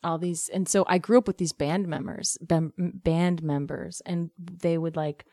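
A woman's voice: fairly low pitch, steady tone, measured pace, mellow, dry recording, studio quality. A woman comedian telling loose, laid-back stories in casual chat, swearing and calling people "man". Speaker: comedian guest.

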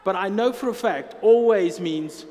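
A man's voice: high voice, unhurried, warm tone. A man preaching a sermon as pastor, earnest and emphatic, drawing out key phrases. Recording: long hall reverb.

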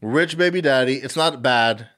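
Young man, podcast co-host, rambling, swears a lot, mid-pitched voice. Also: normal speed, a bit bright. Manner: rambling, swears freely, does mocking impressions. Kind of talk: casual chat.

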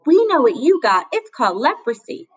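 A woman reading aloud and voicing a taunting schoolboy bully who shouts his insults. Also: high-pitched, sing-song, normal speed, slightly rough, voice pushed up, full character voice.

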